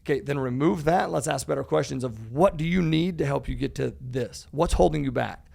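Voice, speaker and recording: Gravelly-voiced man telling animated stories. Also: mid-range voice, brisk. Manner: animated storyteller, says "dude" often, acts out dialogue; swears freely. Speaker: podcast guest, real estate educator. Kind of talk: casual podcast conversation.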